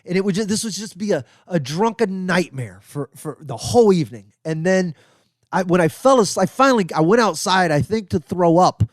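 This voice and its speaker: A man telling a long travel story as a comedian and podcast host, in a loose, animated way. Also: high voice, a little fast, dry recording, clean studio sound.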